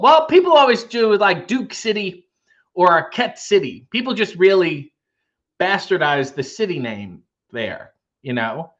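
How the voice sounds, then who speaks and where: A man's voice: a little high, sing-song, a little slow, a bit bright, dull audio. A Canadian man hosting a livestream from home, reading viewer comments with dry, joking asides. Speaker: livestream host. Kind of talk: casual chat reading comments.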